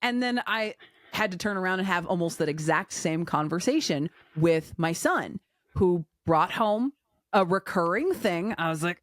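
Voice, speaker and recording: A woman in her forties co-hosting a podcast, telling stories in a candid, animated way with quoted dialogue. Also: lowish voice, moderate pace, dry recording, clean studio sound. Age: 40s. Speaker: podcast co-host. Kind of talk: casual chat.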